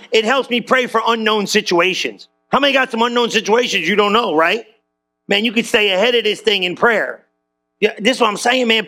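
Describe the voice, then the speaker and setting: A man preaching a sermon as pastor, chatty and teasing, full of rhetorical questions and repeated phrases, dropping low and soft when quoting scripture.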